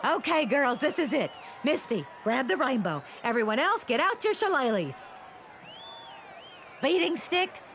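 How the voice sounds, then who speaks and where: An actress voicing a proud, overconfident female teacher in an animated sitcom, talking in a pompous, self-assured way. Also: high-pitched, measured pace, crowd noise, noisy background, full character voice. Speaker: cheerleading coach.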